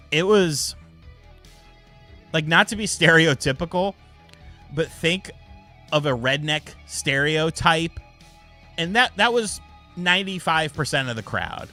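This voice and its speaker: A man's voice: on the high side, sing-song, slow pace, long pauses, sharp tone, faint music behind. A young man hosting a casual live stream, telling stories loosely and swearing freely.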